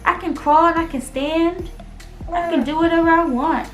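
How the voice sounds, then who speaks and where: A woman's voice: very high voice, fairly even intonation, normal speed, reverberant, soft background music, voice pushed up. A woman doing a cocky baby boy's voice. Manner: boastful, playful. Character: cocky baby boy, sure of himself.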